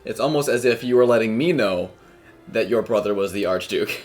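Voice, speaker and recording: A game streamer does let's play commentary, cracking jokes and poking fun at the game's old-fashioned dialogue. His voice is fairly low and fairly quick, with faint music in the background.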